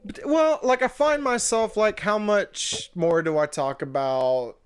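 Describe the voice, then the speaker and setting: A man's voice: sits high, a little slow, smooth, no echo. A man co-hosting a casual movie review chat, rambling with many restarts and fillers. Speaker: podcast co-host.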